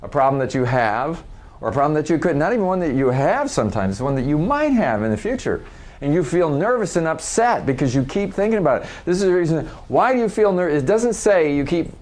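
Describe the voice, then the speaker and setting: A man's voice: fairly high pitch, sing-song, brisk, darkish tone. A middle-aged man speaking live to an audience at a workshop. He talks in a conversational way, laughs often and restarts his sentences.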